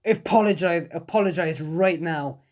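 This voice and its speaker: A man's voice: on the high side, normal speed, darkish tone, lightly acted. A man voicing a furious young female ninja who makes outraged demands.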